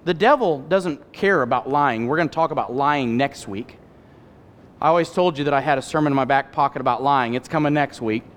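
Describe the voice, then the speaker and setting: A middle-aged male pastor giving an animated sermon, acting out voices and making candid personal asides. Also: fairly high pitch. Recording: hall reverb.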